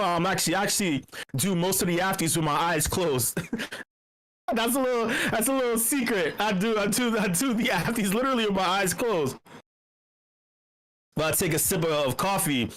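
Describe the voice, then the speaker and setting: A man hosting a casual live voice-channel show, brash and profane, teasing his listeners and swinging into loud drawn-out shouting. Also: sits high. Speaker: host of a community voice-chat show. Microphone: computer mic in voice channel.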